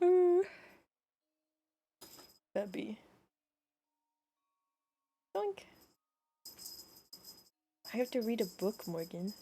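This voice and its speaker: A woman's voice: a little high, sing-song, extremely slow, pauses often, mellow. A woman streamer reading a book aloud, giggling and chatting to her pet between passages. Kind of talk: casual chat and book reading.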